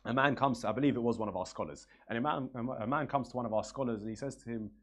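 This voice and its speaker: A man delivers a sermon with a husky, slightly breathy voice at an ordinary pitch. He speaks earnestly, retelling stories and repeating his phrases to drive each point home. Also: rapid-fire. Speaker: religious speaker. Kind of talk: sermon storytelling.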